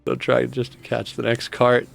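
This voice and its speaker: A man's voice: medium pitch, completely flat delivery, moderate pace, vocal fry, faint music behind. Sarcastic, rambling male game streamer. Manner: rambling, sarcastic, swears freely. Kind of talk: casual live-stream chat while gaming.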